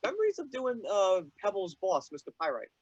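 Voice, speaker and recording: A young man hosting an interview, asking eager, halting fan questions with many fillers. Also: high voice, huge pitch swings, a little mellow, husky, dry recording. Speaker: podcast host. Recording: dull dry lo-fi mic.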